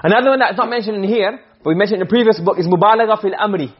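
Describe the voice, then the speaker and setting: A man's voice: high-pitched, very fast, slightly rough, muffled recording. A man teaching a classroom lesson, explaining point by point and often checking whether the students follow. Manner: explains with repeated questions to students.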